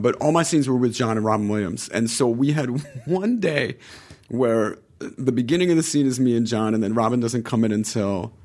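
A man in his forties telling stories in a casual podcast chat, acting out quoted lines with raised pitch and laughter. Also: a little mellow. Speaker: podcast guest, actor.

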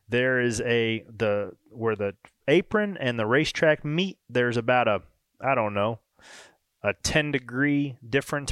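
A man in his thirties, co-hosting a podcast and telling a racing story in a casual, animated way. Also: mid-range voice, dry recording. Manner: animated storyteller, acts out quoted voices. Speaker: podcast co-host and race driver.

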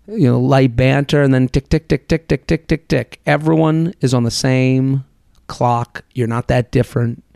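Gravelly-voiced man hosting a solo podcast. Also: medium pitch, steady tone, normal speed, darkish tone, no echo, studio quality. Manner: chatty, rambling, self-deprecating. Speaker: podcast host.

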